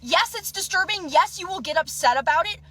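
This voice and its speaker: A woman's voice: extremely high pitch, animated, fairly quick, pushed and bright, no echo. A woman giving an impassioned, agitated rant straight to camera, earnest and stumbling over her words. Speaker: content creator.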